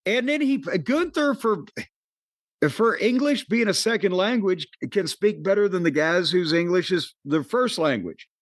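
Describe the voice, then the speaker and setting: This podcast host talks through a wrestling show in a casual, profane, opinionated way, with a dry sense of humor. His voice is high with lively intonation and a slightly slow pace, recorded with no room sound.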